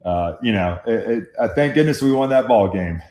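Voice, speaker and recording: A man telling a football story as a guest, animated and laughing, on a phone video call. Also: lowish voice, moderate pace, roomy sound. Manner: animated storyteller, acts out voices in quotes, laughs often.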